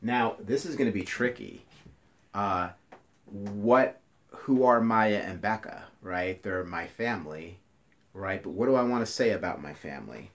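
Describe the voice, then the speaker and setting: A man teaching a class, explaining slowly and counting syllables aloud to his students. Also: fairly low pitch, fairly bright tone. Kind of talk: classroom lesson video. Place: indoors, near a passing train.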